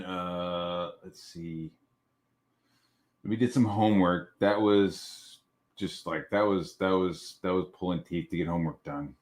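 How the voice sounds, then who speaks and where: A man hosting a livestream show, casually telling stories about being a father, swearing freely and restarting his sentences. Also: on the low side. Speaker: father of young daughters.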